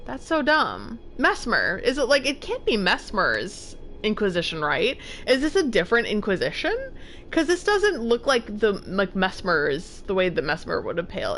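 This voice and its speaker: A woman's voice: medium pitch, fairly bright tone, a little hiss or hum. A young woman casually commenting while she streams a game, tired and yawning, chatting and laughing as she reads item text aloud.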